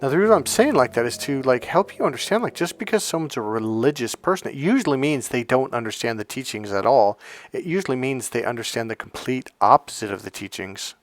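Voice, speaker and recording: A man coaching online, retelling a story in a blunt, animated, casual way with frequent fillers and swearing. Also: medium pitch, brisk.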